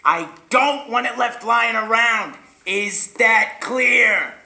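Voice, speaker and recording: An actor playing a pompous, fussy factory boss in a stage musical, with a gravelly voice, recorded in an echoey hall. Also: male voice, extremely high pitch, expressive, slow pace, sharp tone, full character voice. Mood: scolding. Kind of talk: amateur stage musical acting.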